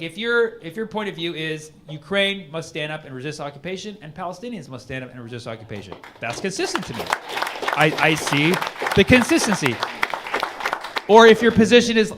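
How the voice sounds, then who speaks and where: Performing stand-up live on a comedy club stage, a man rambles ironically, peppering his set with "like" and "you know." His high, sing-song voice moves at a moderate pace, and the audience can be heard around him.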